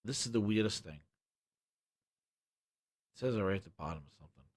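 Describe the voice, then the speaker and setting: A man streaming games, ranting and sarcastic as he reads a web page aloud, muttering low over the text and swearing when he gets worked up. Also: animated, a little fast. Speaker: gaming streamer. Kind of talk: ranting commentary while reading a web page.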